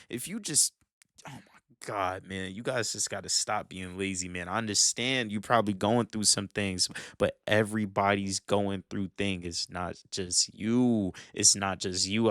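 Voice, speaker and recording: A man's voice: mid-range voice, dry recording, studio quality. A man giving a scolding motivational rant in slangy speech, repeating his lines for emphasis. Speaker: motivational vlogger.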